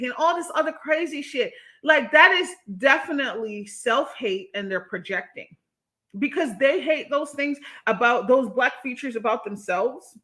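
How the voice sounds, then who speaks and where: A young woman livestreaming, reading chat and ranting in a sassy, animated way, laughing between her points. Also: high-pitched, unhurried. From Jamaica. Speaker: YouTuber reading live chat. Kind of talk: live-stream commentary.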